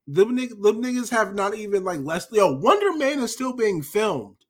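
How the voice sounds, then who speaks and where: A man with a notably high speaking voice co-hosts a casual podcast chat. He rants in an animated, emphatic and profane way, pressing his points hard. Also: normal speed. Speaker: podcast co-host.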